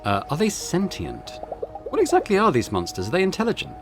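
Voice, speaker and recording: A man's voice: fairly high pitch, wildly swooping pitch, brisk, vocal fry, over music, voice pushed up, full character voice. A man reading a weary young woman heroine. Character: young woman lawyer on holiday, game heroine.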